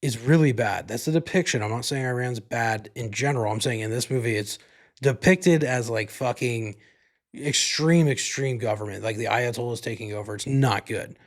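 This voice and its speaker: A man's voice: mid-range voice, normal speed. A man hosting a podcast, giving a casual movie review in a rambling, profane way, full of "like" and "you know". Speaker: podcast host.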